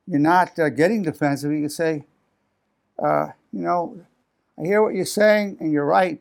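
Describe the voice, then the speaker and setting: A man's voice: a little high, vocal fry. A man in his eighties, a psychologist, teaching in loose spoken talk and acting out defensive replies. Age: 80s. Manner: animated, acts out defensive quotes with raised voice; frequent restarts and repeated words. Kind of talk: unscripted talk to camera.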